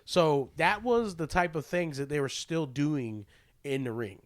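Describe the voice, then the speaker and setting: A man's voice: fairly high pitch, unhurried. A young man co-hosting a casual podcast, rambling through his points with many fillers and restarts, often laughing and swearing. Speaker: podcast co-host.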